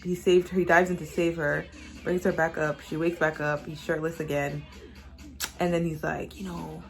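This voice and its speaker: Sassy animated young woman vlogger. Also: sits low, moderate pace, gravelly, soft background music. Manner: sassy, animated storyteller acting out characters. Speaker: vlogger reviewing a movie while doing makeup. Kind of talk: casual chat.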